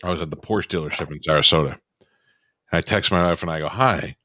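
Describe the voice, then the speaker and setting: A man with a low, heavy voice chats loosely on a podcast and peppers his stories with profanity. The sound is close and dry, with no room around it. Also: quick pace, sharp tone, no room sound. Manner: profane, storytelling banter. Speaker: podcast co-host. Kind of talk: casual chat.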